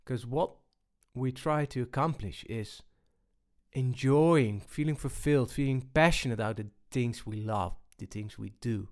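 A man giving a personal talk on balance, unhurried and full of pauses and restarts. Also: mid-range voice. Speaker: speaker on balance.

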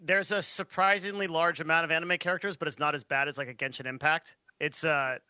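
A man's voice: on the high side, fairly even intonation, fairly quick, pushed and bright, clean tone, no room sound, clean studio sound. A man co-hosting a podcast, talking in a polite, laid-back way with hesitant fillers. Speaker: podcast co-host. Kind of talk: casual podcast chat.

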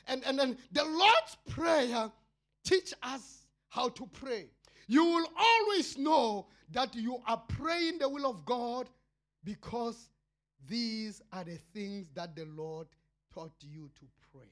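South African male pastor, slow fiery sermon, cries out then drops to murmurs. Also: lively intonation. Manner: impassioned, swinging between shouted cries and low murmurs.

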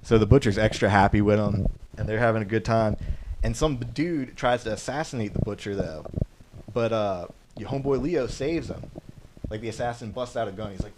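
A man's voice: fairly low pitch, noisy background. A man co-hosting a podcast, retelling a movie plot in a loose, rambling way, swearing and acting out the lines. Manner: rambling, swears freely, acts out quotes. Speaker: podcast co-host. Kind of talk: casual movie recap.

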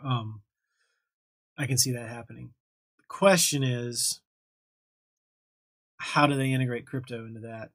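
A man's voice: medium pitch, a little slow, pauses often, a bit bright, no echo. A young man casually hosting a livestream, chatting loosely and thanking viewers as he reads their comments. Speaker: livestream host answering chat. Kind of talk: casual live chat.

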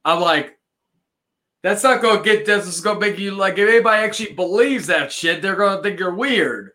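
A man's voice: high-pitched, expressive, brisk, pushed and bright. A man co-hosting a podcast, rambling in casual banter, repeating words and restarting sentences. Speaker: podcast co-host.

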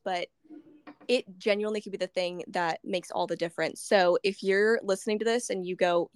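A woman's voice: medium pitch, fairly quick, no echo, clean studio sound. A woman hosting a podcast interview, chatty and emotional, laughing often as she shares her story. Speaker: podcast host. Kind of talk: casual interview chat.

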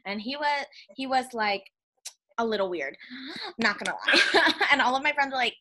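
A woman's voice: sits high, lively intonation, normal speed, sharp tone, slight background noise. A young woman co-hosting a podcast, chatting casually, laughing often and acting out quotes. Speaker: podcast co-host. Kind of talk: casual chat.

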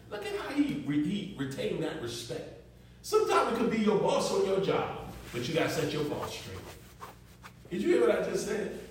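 A male preacher with a high, lively voice, swinging widely in pitch as he drives his points home. He preaches in an emphatic, conversational way, calling out to the congregation. The sound is roomy and echoing, picked up from a distance. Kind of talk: sermon. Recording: echoey room, mic far off.

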